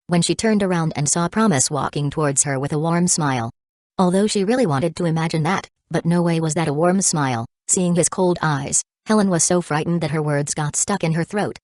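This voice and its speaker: A woman narrates a novel in a steady, even reading. Her voice is low, and the recording is close and dry with no room sound. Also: no room sound. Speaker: audiobook narrator. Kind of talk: audiobook narration.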